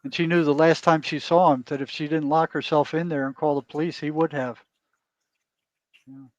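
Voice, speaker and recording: Guy therapist rambling thru a story, lotta "you know"s, kinda high voice, dull dry lo-fi audio. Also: level tone, moderate pace, dry recording. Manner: rambling, peppers talk with "you know" and "right?". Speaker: guest, therapist. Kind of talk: casual storytelling in an interview.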